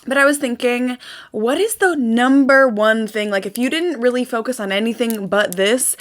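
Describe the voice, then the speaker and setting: A woman's voice: fairly high pitch, normal speed. A young woman hosting a casual self-help vlog, chatty and upbeat with lots of fillers, speaking into a desk mic. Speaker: host.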